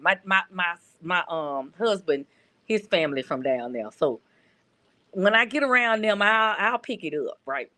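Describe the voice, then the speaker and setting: Middle-aged woman, from North Louisiana, caller on a talk stream, earnest, repeats herself, steady medium pitch. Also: measured pace. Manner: earnest, repeats words while searching for them. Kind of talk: casual call-in chat.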